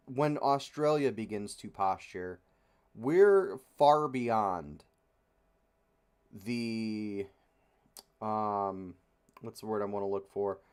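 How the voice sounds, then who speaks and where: A man's voice: lowish voice, slow, clean tone. A young man hosting a casual podcast, rambling and frustrated, with many fillers and free swearing. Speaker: podcast host. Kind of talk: casual opinionated chat.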